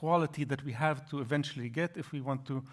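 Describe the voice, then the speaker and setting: A man giving an academic lecture, explaining slides in a halting way with frequent restarts. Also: mid-range voice.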